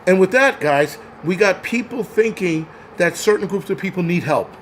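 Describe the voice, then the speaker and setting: A man's voice: high voice, animated, moderate pace, fairly bright tone, a little hiss or hum. A man hosting a live stream, ranting heatedly and profanely, often stammering over the start of a sentence before pushing on. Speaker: channel host.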